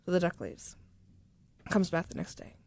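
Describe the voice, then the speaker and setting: Soft-spoken woman telling a corny joke. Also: lowish voice, very animated, moderate pace, creaky, dry recording. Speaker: podcast panelist.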